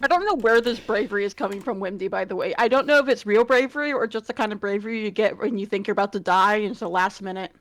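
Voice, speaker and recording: A woman's voice: medium pitch, no room sound. Chatty woman tabletop player. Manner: chatty, quick asides and laughter. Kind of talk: casual tabletop game play.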